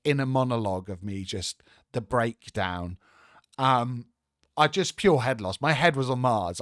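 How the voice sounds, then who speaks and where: A man hosting a casual live stream, talking excitably and rambling with stammered restarts. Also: mid-range voice, no echo, studio quality. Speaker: host.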